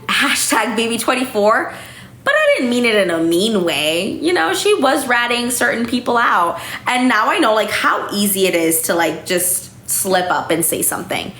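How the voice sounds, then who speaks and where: A woman's voice: medium pitch, pushed and bright. A young woman hosting a casual live stream from home, chatty and a little tipsy, with lots of fillers and casual swearing. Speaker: livestream host. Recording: echoey room, faint noise.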